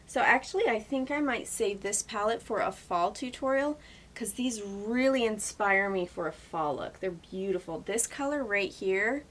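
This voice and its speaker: A young woman beauty vlogger chatting to camera in a gushing, excitable and emotional way. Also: mid-range voice, slight background noise. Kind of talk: casual chat to camera.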